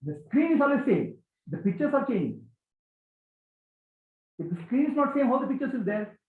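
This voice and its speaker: A man giving a spiritual talk to a gathering, animated and questioning, repeating key phrases. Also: extremely high pitch, normal speed. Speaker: spiritual teacher. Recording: echoey, tinny phone-like sound.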